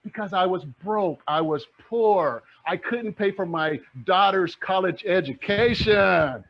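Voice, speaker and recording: A man's voice: high voice, slow. A middle-aged man giving a fired-up motivational talk as a real estate mentor, preaching and repeating his phrases. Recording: dull lo-fi sound.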